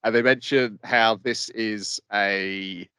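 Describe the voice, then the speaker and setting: A man co-hosting an anime podcast who lays out episode plots in measured summaries and answers with frequent "yes.". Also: on the low side, fairly even intonation, sharp tone, clear, resonant tone, no room sound. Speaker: podcast co-host. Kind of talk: casual chat recapping anime plots.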